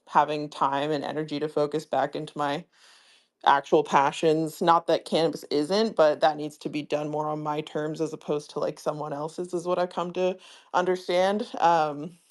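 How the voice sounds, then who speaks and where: A woman guest in a casual live-stream chat, talking in a relaxed, rambling way with lots of fillers. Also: deep voice, normal speed.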